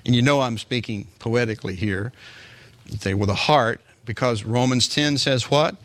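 A man's voice: mid-range voice, normal speed, no echo. A male pastor preaching a sermon in a conversational way, with speech and rhetorical asides to the congregation.

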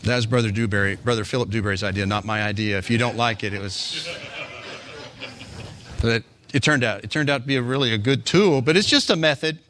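A man's voice: medium pitch, fairly quick, fairly bright tone, a little hiss or hum. A male pastor preaching a sermon in a conversational way, with speech and rhetorical asides to the congregation.

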